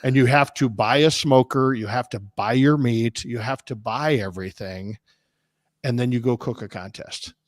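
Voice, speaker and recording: A man's voice: mid-range voice, normal speed, no room sound, studio quality. Man telling rambling competition stories. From Des Moines, Iowa, US. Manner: rambling, animated anecdotes with restarts. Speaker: barbecue competition cook, guest. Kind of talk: casual storytelling on a podcast.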